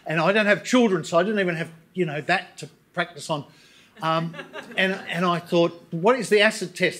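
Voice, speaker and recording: A man doing a stand-up comedy routine on stage, telling wry, deadpan stories with asides. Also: high-pitched. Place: on stage before a live audience.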